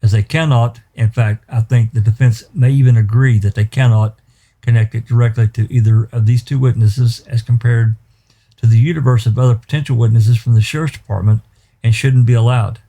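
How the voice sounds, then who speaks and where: A man presses a prosecutor's argument before a judge in a courtroom. His voice is deep, dark and mellow, and his delivery is measured, broken by fillers and restarts. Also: fairly even intonation.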